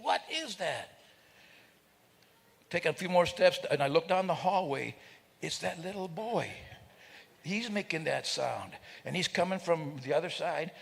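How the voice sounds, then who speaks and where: A man's voice: fairly high pitch, animated, measured pace, gravelly, long pauses, a bit bright, breathy edge. A man giving a speech at an event, joking with the audience and acting out sounds and voices as he tells stories. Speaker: guest speaker. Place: event hall. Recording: long hall reverb.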